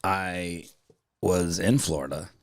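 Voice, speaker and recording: A young man co-hosting a comedy podcast, telling a story in a casual, animated way and acting out both sides in loud raised voices. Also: low-pitched, takes it slowly. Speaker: podcast co-host.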